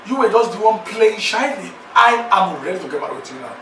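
An actor playing a boastful, newly rich man who sweet-talks several girlfriends on the phone, excited and laughing. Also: high voice, fast talker, echoey room, recorded from a distance, slight background noise, poor audio. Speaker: lead character in a film. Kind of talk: Nollywood film acting.

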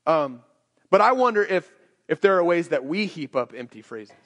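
High-voiced man preaching in a hall. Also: big pitch swings, moderate pace, fairly bright tone. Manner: conversational, self-interrupting, repeats words. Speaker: pastor. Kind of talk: sermon. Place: church sanctuary. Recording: church hall with long reverb.

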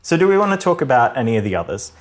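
A man co-hosting a podcast in casual chat, retelling scenes and acting out characters in lively put-on voices. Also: mid-range voice, very fast. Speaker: podcast co-host.

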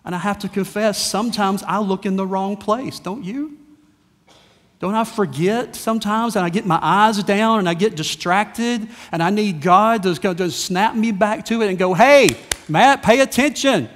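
Male pastor, high-pitched, emphatic sermon delivery, reverb-heavy church sound. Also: moderate pace, a bit bright. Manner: conversational and emphatic, with rhetorical questions. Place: church sanctuary. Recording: long reverb in a church hall.

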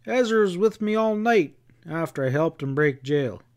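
Stubborn cowboy, read by a man, protests and pleads, folksy drawl-free talk, a bit high. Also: lively intonation, moderate pace, darkish tone. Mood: protesting. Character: stubborn young cowboy shielding his friend.

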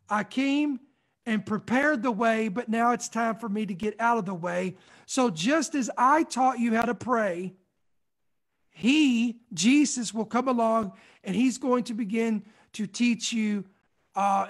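A middle-aged man preaching a teaching sermon, earnest and repetitive, with many fillers. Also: extremely high pitch.

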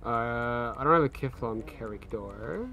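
A man's voice: medium pitch, animated, measured pace, pushed and bright, slight background noise. A man chatting casually while setting up a roleplay game, joking and laughing often. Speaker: roleplay streamer. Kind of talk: casual gaming chat.

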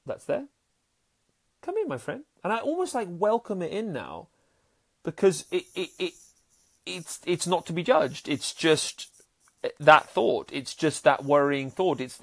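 A man, a podcast host and happiness coach, talking earnestly in a casual monologue and often repeating his words. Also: medium pitch. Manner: earnest, repeats words, acts out voices in stories.

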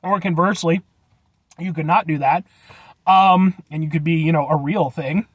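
A man's voice: fairly high pitch, steady tone, normal speed, slightly rough, no echo. A man rambling in a jokey, chatty way as he reviews a drink and signs off his show. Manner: chatty, rambling and jokey with goofy sign-offs. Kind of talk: rambling casual review vlog.

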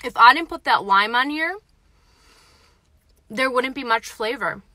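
Bright, chatty woman vlogging from her car. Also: fairly high pitch, animated, a little slow, dry recording. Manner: chatty, frank, reads viewer comments aloud; talks while eating. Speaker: vlogger reviewing tacos. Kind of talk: casual live-stream chat. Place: parked car.

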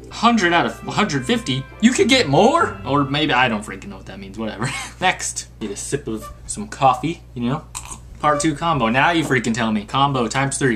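An excitable man narrating a mobile game as he plays, his pitch leaping around and his tone bright and forceful. He reads the on-screen instructions with sarcastic asides and yelps in panic when things get hectic. Faint game music plays behind him. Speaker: gaming channel host. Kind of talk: let's play game commentary.

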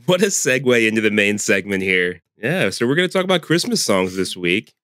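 Wry male podcast co-host, lively pitch. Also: fairly quick, no room sound, studio quality. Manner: laid-back, wry, chuckles often. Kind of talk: casual chat.

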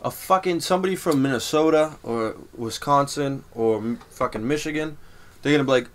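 Brash Boston-accented podcast guest. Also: male voice, medium pitch, brisk. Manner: brash, profane ranting. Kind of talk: casual chat.

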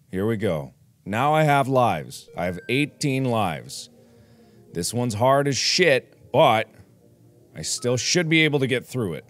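A young man commentating his own gameplay, with a bright, tense voice that jumps around a lot in pitch. He talks slowly, cursing under his breath one moment and yelling the next. Faint game music plays behind him. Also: big pitch swings. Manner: swearing, swings from muttering to yelling. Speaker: gaming video host. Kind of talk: frustrated let's play commentary.

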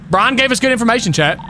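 A man streaming a police role-play game, talking in excitable slang and laughing a lot. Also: very high-pitched, slight background noise. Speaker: streamer playing a police officer.

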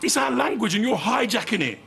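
An exasperated hustler. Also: male voice, very high voice, very animated, brisk, gravelly, loud music behind the voice, exaggerated voice. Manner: London street slang, exasperated, mocking. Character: young black London businessman, exasperated straight man. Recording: live studio with loud audience laughter. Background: loud audience laughter.

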